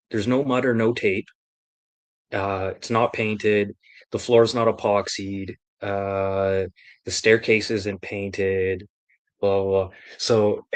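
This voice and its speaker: A man's voice: fairly low pitch, no room sound. A man, a renovation contractor, telling a rambling, profane story in casual chat on his stream. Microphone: streaming mic.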